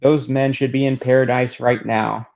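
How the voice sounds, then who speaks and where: Brief: man doing a panicked fighter, low gravelly voice, dull lo-fi take. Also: level tone, moderate pace, a little mellow, natural voice. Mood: distraught. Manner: distraught, plain reading voice. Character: frightened male fighter fleeing in panic. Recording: dull lo-fi recording.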